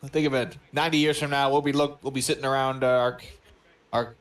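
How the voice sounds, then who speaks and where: A man's voice: medium pitch, little pitch movement, a little fast. A man co-hosting a movie watch-along, rambling and joking as he searches for words. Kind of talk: casual chat.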